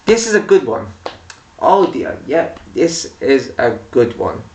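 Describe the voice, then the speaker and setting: A man's voice: mid-range voice, sing-song, takes it slowly, a little mellow, far from the mic, a little hiss or hum. A man ranting casually to camera about people who annoy him, in a rambling way with many restarts. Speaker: vlogger. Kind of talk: casual opinion rant to camera. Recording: echoey room, voice a bit off-mic.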